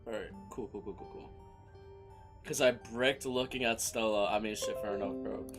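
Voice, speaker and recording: A young man commentating a game as a streamer, excitable and profane, breaking into shouted rants. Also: lowish voice, moderate pace, over music. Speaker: gaming streamer. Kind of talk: let's play commentary.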